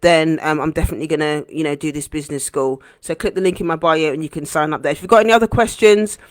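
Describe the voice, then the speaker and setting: A woman hosting a heartfelt motivational live stream as a coach, earnest and gentle, repeating phrases for emphasis. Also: low-pitched, fast talker, no echo, clean studio sound. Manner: gentle, encouraging.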